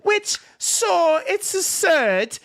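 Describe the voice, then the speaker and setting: A man putting on a fake British accent, playing a smug gloating British lad while reading news aloud in a drawn-out, theatrical way. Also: very high voice, sing-song, vocal fry, fairly bright tone, dry recording, clean studio sound, heavily acted. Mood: mock gloating. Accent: put-on British. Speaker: streamer.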